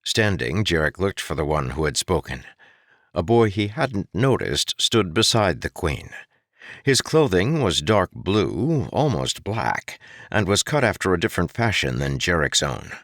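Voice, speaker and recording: A man reads a fantasy audiobook in a very low voice. His delivery moves expressively up and down as he tells the story. The studio sound is close and dry. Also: big pitch swings, a little slow, fairly bright tone, no echo. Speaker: audiobook narrator. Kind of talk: scripted fantasy audiobook narration.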